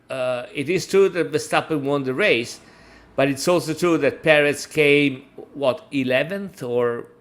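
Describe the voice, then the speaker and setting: A man's voice: medium pitch, fairly bright tone. A man co-hosting a casual motorsport podcast, talking hesitantly with many fillers and restarts. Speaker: podcast co-host, F1 commentator. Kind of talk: casual chat.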